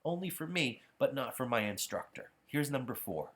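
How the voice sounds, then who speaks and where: A man giving a patient, explanatory pronunciation lesson while walking through practice software. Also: mid-range voice, expressive, moderate pace. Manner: patient, explanatory, self-correcting. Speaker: pronunciation instructor. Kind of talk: software demonstration tutorial.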